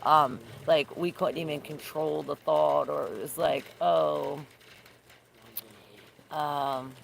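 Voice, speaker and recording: Outdoors in the rain, in a noisy recording, a woman gives a casual, rambling tarot reading. Her low-pitched voice is steady and slow with vocal fry, and she searches for words and swears casually.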